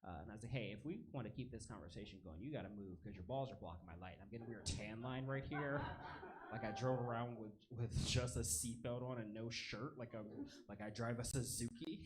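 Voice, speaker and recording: A man's voice: mid-range voice, a little fast. A man performing a stand-up comedy set in a club, chatting with the crowd and telling stories in a conversational way. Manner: crowd work, conversational storytelling. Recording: noisy live club recording. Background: audience laughter.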